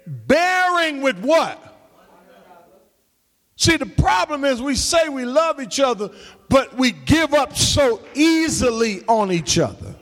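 A man preaching a sermon as pastor, calling out to the congregation and rising into shouts and half-sung lines. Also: very high-pitched, sing-song, slow pace, big-room sound. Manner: call-and-response preaching, shouting and half-singing. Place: church sanctuary.

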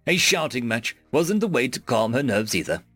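Expressive male audiobook narrator. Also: medium pitch, moderate pace, dry recording. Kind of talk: first-person audiobook narration. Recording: dry close mic with faint music.

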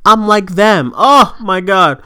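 A man's voice: high-pitched, takes it slowly. A man co-hosting a movie news podcast, ranting in casual chat, swearing and laughing, recorded remotely. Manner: animated, swearing, laughing often. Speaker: podcast co-host. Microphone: remote recording setup.

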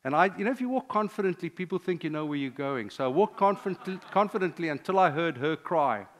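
An older man, a pastor, preaching a sermon with personal stories, sometimes dropping to a hushed confessional tone. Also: on the high side, expressive, a little fast.

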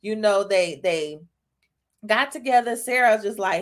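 A woman's voice: medium pitch, expressive, normal speed. A woman hosting a casual devotional talk, talking straight to her listeners and growing emotional. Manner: conversational, asks listeners "y'all" and "right?", grows emotional. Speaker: podcast host giving a devotional talk.

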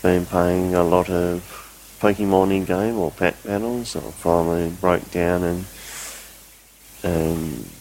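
A man's voice: deep voice, steady tone, takes it slowly, a little mellow, slight background noise, rough recording. A man rambling through a casual recorded voice report, poking fun at himself. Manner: rambling, self-mocking. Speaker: listener sending a recorded report.

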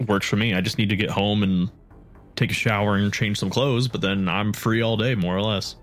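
A man's voice: lowish voice, steady tone, moderate pace, faint music behind. A man playing in a tabletop role-playing game, chatting casually with dry, wry humor. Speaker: player.

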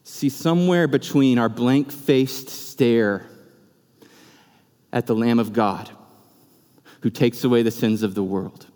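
A man in his thirties from California tells his conversion story from the pulpit, earnest and unhurried, slowing on the key phrases. His voice sits in an ordinary middle register. It rings out with the long reverb of a big church auditorium. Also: medium pitch, darkish tone. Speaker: preacher sharing testimony. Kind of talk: sermon testimony. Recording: long reverb of a large hall.

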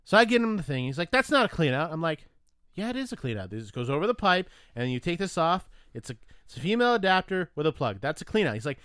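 Man, casual chat, bright and very lively voice, acts out every exchange, swears freely. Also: a little high, fast talker, clean tone, no room sound, studio quality. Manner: animated, profane storytelling with voiced retellings. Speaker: storyteller.

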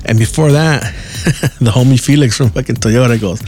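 A man's voice: medium pitch, normal speed, a little mellow, faint music behind. A man telling a rambling personal story in a casual, slang-heavy, profane way. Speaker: podcast host.

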